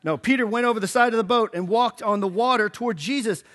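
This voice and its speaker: Speaking fast in a high voice, this male pastor delivers a church sermon as a loose, playful story. He animates the quotes he acts out and keeps it casual, joking now and then.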